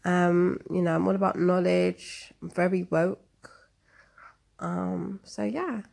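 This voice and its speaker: A woman with a London accent hosting a call-in chat, slow and hesitant with many fillers. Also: on the low side, fairly even intonation, creaky, a little mellow. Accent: London English. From England. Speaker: host. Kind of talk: casual chat.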